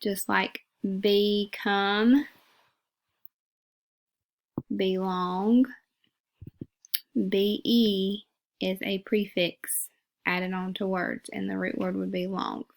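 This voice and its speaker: A woman's voice: medium pitch, little pitch movement, slow pace, vocal fry. A woman teacher giving a phonics lesson, patiently repeating words and sounding them out syllable by syllable.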